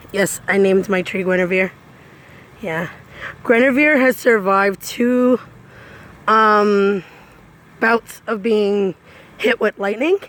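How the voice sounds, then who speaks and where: A chatty woman strolls outdoors through her backyard, talking into a handheld phone camera. She repeats herself as she goes and now and then jumps into a high, delighted squeal. Her pitch is an ordinary middle for a woman, and the tone is easy and casual. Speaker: cosplayer giving a garden tour. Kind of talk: casual walking tour chat. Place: outdoors in a home backyard garden.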